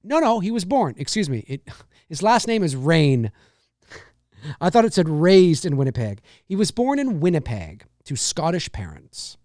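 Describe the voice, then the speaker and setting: Rambling live-stream host, lively pitch. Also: male voice, no echo, studio quality. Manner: rambling, many restarts and repeated phrases; drops into low, slow impressions and squeaky high mimicry. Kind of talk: casual live-stream chat reading viewer comments.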